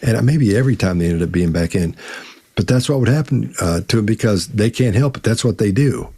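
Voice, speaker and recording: A man's voice: on the low side, lively intonation, a little fast, dark tone, husky. A man co-hosting a live Q&A on body language, talking in a folksy way with many restarts. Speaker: co-host, body language expert. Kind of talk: live Q&A chat.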